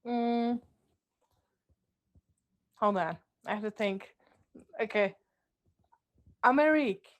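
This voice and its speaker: A woman's voice: medium pitch, fairly even intonation, slow. A woman playing a pronunciation quiz on a live stream, taking her time to think before she answers.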